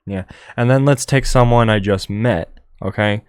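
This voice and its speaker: A young man hosting a solo podcast, talking in a monotone and rambling with many fillers into a close microphone. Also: lowish voice, moderate pace, clear, resonant tone, no echo. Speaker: podcast host.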